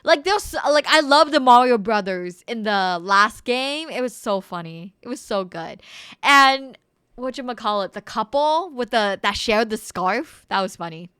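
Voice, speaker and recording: A young woman streaming a game, chatting casually with viewers in an excitable, giggly way. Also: on the high side, a little slow, smooth, no room sound, clean studio sound.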